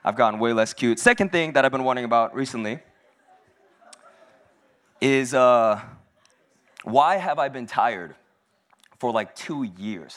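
A man's voice: medium pitch, expressive, moderate pace, pauses often, a bit bright. A young man giving a casual, humorous sermon at a church service, self-deprecating and chatty, with lots of "like"s. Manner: self-deprecating, joking, conversational with many "like"s.

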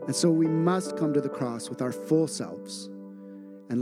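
An earnest male pastor delivers a sermon, leaning on repetition to drive each point home. His voice sits a little higher than most men's. Gentle guitar music plays clearly underneath. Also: unhurried. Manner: earnest, repeats phrases for emphasis.

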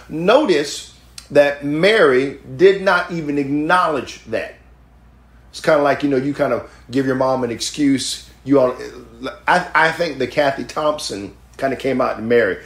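A man preaching a lively, conversational sermon to his congregation, joking as he goes. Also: medium pitch, normal speed, echoey room. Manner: animated, conversational preaching with jokes. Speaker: pastor. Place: church sanctuary.

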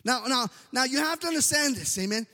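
A man preaching a sermon with passion, swinging from shouts to hushed softness and peppering his talk with amens. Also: very high voice, lively intonation, fairly quick. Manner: impassioned, swings between shouting and soft hushed delivery; repeats amen often, stammering restarts. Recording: long hall reverb.

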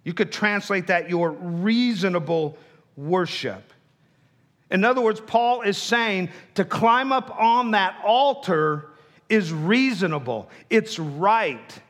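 Slow-paced preaching man, storytelling. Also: animated. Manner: storytelling, acting out both sides of a quarrel; drops to a low, hushed voice for the heart of the message. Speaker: pastor. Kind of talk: sermon.

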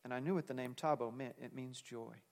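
A man's voice: medium pitch, fairly even intonation, fairly quick, gravelly, a little mellow. A man preaching a sermon, talking in an earnest, conversational way with fillers. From United States. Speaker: pastor. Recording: long reverb of a large hall.

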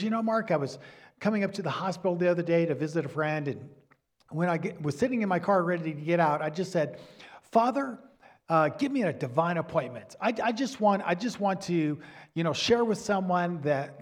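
Husky man preaching a sermon. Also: high-pitched. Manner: earnest, drops to soft near-whisper for emphasis. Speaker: pastor.

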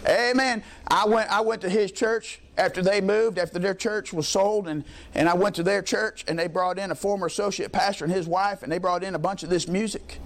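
High-voiced folksy preacher man. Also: steady tone, a little fast, hardly any pauses. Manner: folksy, emphatic storytelling with repetition. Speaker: pastor. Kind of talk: sermon.

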